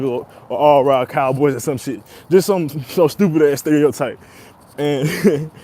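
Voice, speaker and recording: Young male podcaster, fairly high voice, loose slangy delivery, laughs a lot, faint street noise behind. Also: mellow. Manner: laid-back, laughs often, slangy and profane. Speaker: podcast host. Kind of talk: casual monologue.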